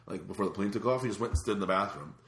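A man telling a story in casual podcast chat, animated and acting out the other people's lines, swearing casually. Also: low-pitched, racing, creaky. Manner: animated, acts out quoted voices, swears casually. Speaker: podcast host. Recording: roomy echo.

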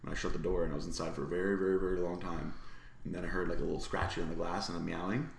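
Deep, gravelly young man talking fast. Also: level tone, roomy sound, a little hiss or hum. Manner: laid-back, crude, storytelling. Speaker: podcast co-host. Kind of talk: casual chat.

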